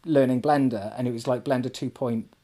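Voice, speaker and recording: A man's voice: mid-range voice, steady tone, a little fast, dark tone. A man chatting casually on a podcast, playful and jokey, with stammered restarts.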